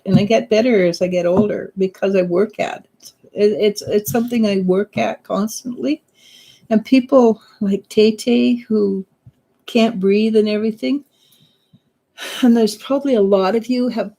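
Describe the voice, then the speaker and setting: A woman's voice: mid-range voice, warm tone. A middle-aged woman doing psychic readings on a live stream, chatting casually and laughing often, sometimes restarting her sentences. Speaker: psychic reader. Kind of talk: live stream chat, answering viewer comments.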